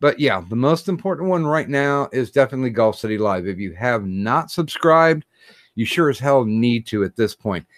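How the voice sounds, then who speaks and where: A man of middle pitch hosting a casual podcast, speaking in halting bursts with frequent pauses. His voice is recorded close up, with a dry, dead sound and no room echo. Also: animated. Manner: halting, many fillers and restarts. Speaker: podcast host.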